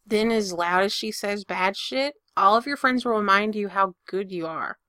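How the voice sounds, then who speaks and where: A woman voicing a calm young man who reassures his friend in a steady, blunt, teasing way. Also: mid-range voice, moderate pace, dry recording, clean studio sound, lightly acted. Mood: reassuring.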